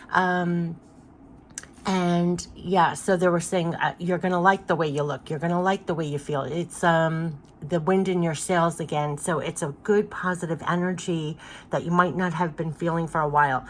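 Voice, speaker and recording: A woman in a relaxed card-reading monologue, her pitch sitting somewhat low. Her voice is congested from allergies, and she talks in loose, repetitive phrases with many fillers. A faint hum of ambient noise sits behind her. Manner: chatty, repetitive, with frequent fillers and laughs. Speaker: spiritual card reader. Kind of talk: casual spoken card reading.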